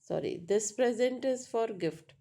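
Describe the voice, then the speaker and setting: Fairly high-pitched and mellow with some vocal fry, this English teacher's voice carries lively intonation as she unhurriedly explains pronunciation. She's patient, repeating things with lots of "right?" and "uh" in a classroom style.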